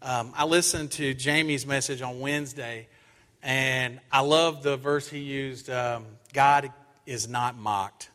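A middle-aged man preaching a sermon in a church, an animated storyteller who acts out his own lines in stories. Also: mid-range voice, unhurried. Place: church sanctuary. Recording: long church hall reverb.

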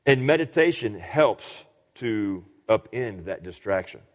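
Lowish-voiced preacher guy, stumbles and repeats himself, big echoey hall sound. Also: expressive. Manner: halting, repeats words, earnest teaching. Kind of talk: sermon. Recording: long hall reverb.

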